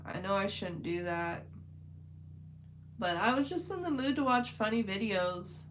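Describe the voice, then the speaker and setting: A woman's voice: medium pitch, animated, unhurried, a little hiss or hum, low-quality recording. A woman chatting casually on a livestream while she paints, rambling with lots of "like" fillers. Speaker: livestream host.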